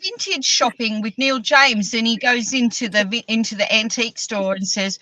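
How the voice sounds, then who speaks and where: A woman's voice: a little high, normal speed, hardly any pauses, pushed and bright, no echo, rough recording. A woman hosting a casual podcast chat, teasing her friends in mock-indignant banter. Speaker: podcast host.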